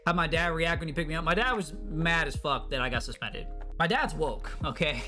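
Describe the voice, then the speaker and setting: A young man vlogging, telling a story in an animated, profane way. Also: on the high side, a little fast, soft background music. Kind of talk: storytime vlog.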